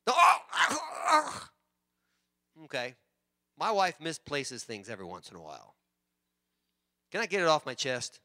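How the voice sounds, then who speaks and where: A man pastor preaching a sermon in church, animated and joking with the congregation. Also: mid-range voice, moderate pace, pauses often. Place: church sanctuary.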